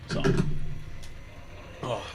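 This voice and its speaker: A man's voice: very slow, very noisy. A man from California streaming a game, chatting casually in a laid-back, slangy, enthusiastic way. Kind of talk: casual chat while gaming.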